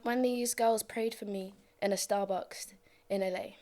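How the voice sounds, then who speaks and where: A woman's voice: medium pitch, steady tone, a little slow, loud music behind the voice. A young woman with a London accent, telling a casual story on a couch in a chatty way, full of "like" fillers. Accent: London English. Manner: chatty, many "like" fillers, amused. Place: indoors on a couch.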